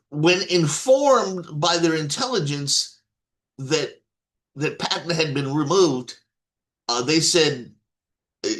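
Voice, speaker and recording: A man's voice: a little high, fairly bright tone. Rambling man ranting about politics. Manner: rambling, with many restarts and blunt swearing. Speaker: political commentator. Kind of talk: off-the-cuff political monologue.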